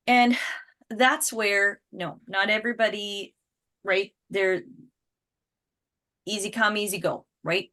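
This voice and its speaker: A woman's voice: mid-range voice, steady tone, takes it slowly, pauses often, a bit bright. Chatty woman in her 30s pepping up her team, laughing a lot, lots of restarts. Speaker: team leader. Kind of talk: motivational group talk.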